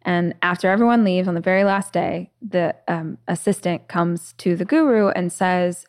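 This podcast host has a fairly low voice and talks at a normal speed. Chatty and casual, she tells stories while restarting often and filling with "like" and other fillers.

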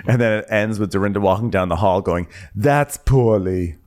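A man co-hosting a podcast, recapping a reality show in casual, animated chat. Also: fairly low pitch, fast talker. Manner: animated, acts out quotes in other voices. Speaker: podcast co-host.

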